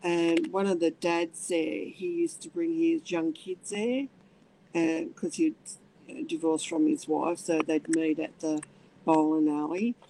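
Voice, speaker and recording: A middle-aged woman telling her own story slowly, her voice gravelly with fry. She stops and restarts often and now and then acts out other people's words. A faint hiss runs under the recording. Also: sits low, fairly even intonation, mellow, poor audio. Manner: halting, many restarts, acts out voices in quotes. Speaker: interviewee. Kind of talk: personal storytelling.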